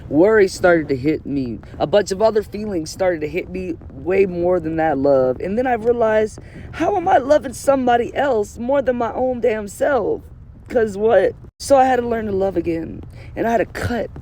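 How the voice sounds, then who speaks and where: High-voiced man venting in a vlog. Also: darkish tone, slight background noise. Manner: emphatic, repetitive, swears freely. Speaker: vlogger. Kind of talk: candid personal monologue.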